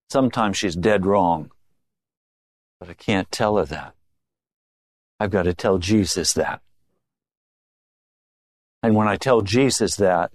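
A man preaching a sermon, moving between low confiding remarks and raised, emphatic exhortation. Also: no room sound, studio quality. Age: older.

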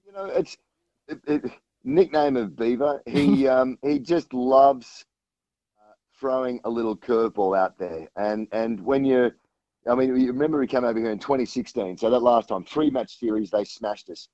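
A man's voice: mid-range voice, normal speed, dark tone, no room sound, highs cut off. A man talking rugby as a guest on a sports radio show, rambling with many restarts. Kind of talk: casual radio chat.

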